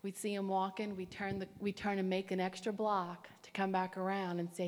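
Animated woman preaching in an echoey hall. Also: mid-range voice, brisk. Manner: animated, emphatic storytelling. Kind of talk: sermon with personal story.

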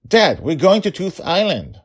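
A storybook's pushy little girl, pitched high above the narrator's own voice, keeps correcting her dad. A man puts her on as he reads. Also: very animated, measured pace, breathy edge, full character voice. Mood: insistent. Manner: insistent, exasperated with her father. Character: little girl, five and a half, impatient.

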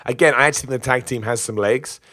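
Male reviewer, opinionated and chatty, fast delivery, dry mic. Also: mid-range voice, bright, forceful tone, no echo. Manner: chatty, opinionated, with restarts and laughs. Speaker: wrestling show reviewer. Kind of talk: casual spoken review.

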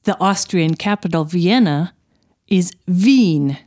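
A woman narrating a scripted language lesson, explaining sounds clearly and deliberately. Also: medium pitch, animated, darkish tone. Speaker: language teacher.

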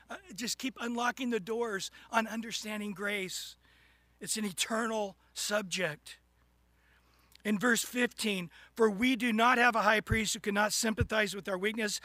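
A man preaching a sermon, animated, acting out little scenes and rising into sudden loud bursts. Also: high voice, dry recording. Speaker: pastor.

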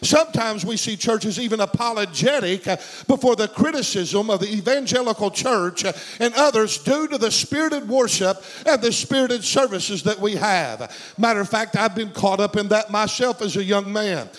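A high-pitched man delivers a storytelling sermon. He circles back on his phrases and builds fervor as he preaches, in the manner of a middle-aged pastor. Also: expressive, moderate pace, fairly bright tone, low-quality recording. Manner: storytelling preacher, fervent and repetitive.

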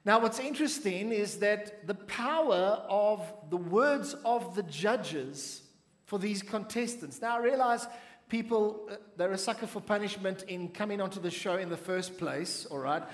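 Male pastor, high voice, measured sermon delivery, reverberant hall sound. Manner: measured preaching with audience call-and-response.

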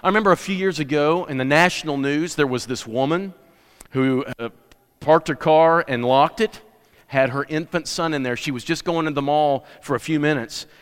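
A man's voice: a little high, moderate pace, clear, resonant tone. A man preaching a sermon, telling stories and building to emphatic points. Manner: storytelling preacher, rising to emphatic declarations. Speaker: pastor. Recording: long reverb of a large hall.

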